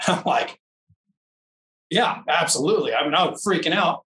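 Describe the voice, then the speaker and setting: A man tells a long, rambling story in a bright, forceful voice, stopping often to hunt for words. His voice sits a little high for a man and bounces around a roomy space, picked up from some distance off the mic. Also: lively intonation, normal speed. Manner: rambling, searches for words, acts out quoted dialogue. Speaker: off-road racer. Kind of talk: casual storytelling.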